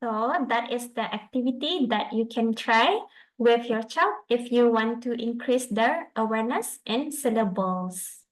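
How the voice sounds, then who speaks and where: A young woman speech therapist explains each step of a presentation over a video call. Her voice sits fairly high. She moves slowly through her points and slips Malay phrases into her explanations. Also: animated, low-quality recording. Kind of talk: online presentation to parents.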